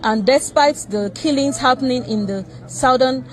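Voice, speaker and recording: A woman's voice: high-pitched, moderate pace, low-quality recording. A woman reporter politely asking an interviewee formal questions. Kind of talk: news interview.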